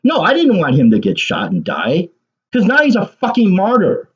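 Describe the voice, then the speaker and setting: A man's voice: high voice, huge pitch swings, normal speed, husky, lo-fi sound. A man giving a ranting solo political commentary, sarcastic and agitated, swearing and laughing bitterly.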